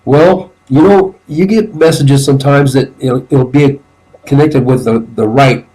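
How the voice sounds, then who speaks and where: A man guest chatting casually on a video call, easygoing and quick to laugh. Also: medium pitch, dark tone, low-quality recording. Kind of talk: casual chat.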